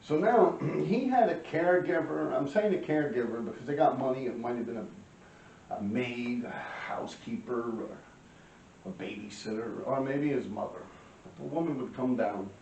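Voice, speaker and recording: A man, telling profane street stories to camera and clearing his throat often. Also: medium pitch, moderate pace, a little mellow, a little hiss or hum. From New York. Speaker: vlogger telling life stories. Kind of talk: casual storytelling to camera. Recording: roomy, distant, dull-sounding.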